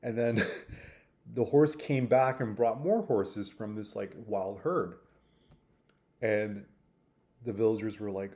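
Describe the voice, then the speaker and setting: A man's voice: on the low side, fairly even intonation, slow pace, long pauses, a little mellow. A man talking through a personal mistake in a reflective vlog, thoughtful and rambling, with restarts and fillers. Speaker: vlogger.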